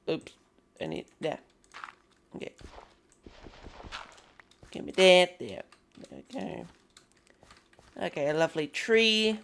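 Excitable woman playing a game. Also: medium pitch. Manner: chatty and excitable, greeting game characters in a playful voice. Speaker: gaming video host. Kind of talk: casual gameplay commentary.

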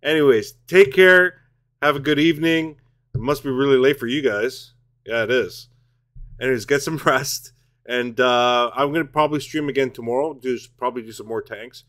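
Chatty dad streaming a game. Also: male voice, medium pitch, normal speed, fairly bright tone. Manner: chatty, self-mocking, swears and blurts out during play. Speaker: gaming streamer. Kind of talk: casual live-stream commentary while playing. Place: home basement.

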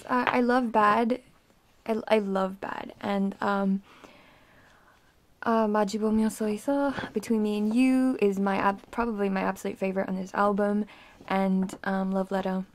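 A young woman filming an excited, rambling unboxing vlog, often dropping to an awed whisper. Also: medium pitch, measured pace. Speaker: vlogger unboxing an album.

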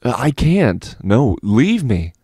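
A man's voice: big pitch swings, slow pace, dark tone, slightly rough, no room sound, clean studio sound, exaggerated voice. A man voicing a frightened young schoolboy who pleads and stammers. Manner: pleading, stammering, high-strung.

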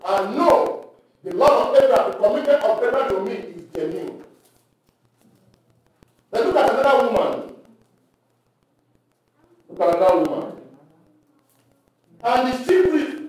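High-voiced man preaching in an echoey hall. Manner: preacherly, asks the audience questions and reads scripture aloud. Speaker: church leader teaching workers. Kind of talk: Bible teaching at a leadership meeting. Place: church hall. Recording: echoey hall recorded from far off.

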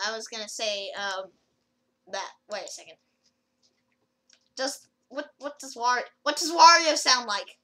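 A woman chats loosely through a gameplay video in a very bright, sharp voice that sits a little high. She rambles and fills pauses with fillers, often stopping and restarting her sentences. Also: poor audio. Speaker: gaming video creator. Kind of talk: casual gameplay commentary.

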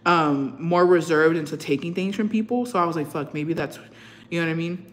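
A young woman hosts a casual livestream, animatedly telling stories, swearing freely and slipping into Spanish phrases. Her voice is on the low side and brisk, in an echoey room.

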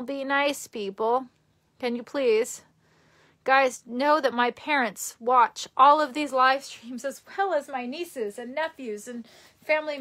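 A woman's voice: a little high, a bit bright. A young woman chatting casually on a live stream from a room in her parents' house, rambling and reading viewer comments aloud.

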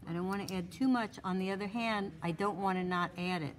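A woman's voice: medium pitch, steady tone, a little fast, a little hiss or hum. A woman instructor giving a live drawing demonstration to a small class, thinking aloud as she works and coaxing with short repeated cues.

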